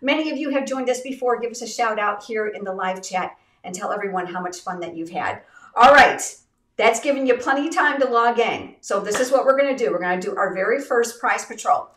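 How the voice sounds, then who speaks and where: A woman hosting a live craft stream, talking straight to her viewers in an upbeat, chatty way. Her voice sits a little high and sounds congested and slightly raspy. She is a bit far from the mic in an echoey room. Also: expressive, a little fast, a bit bright. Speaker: craft livestream host. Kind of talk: live-stream product giveaway chat.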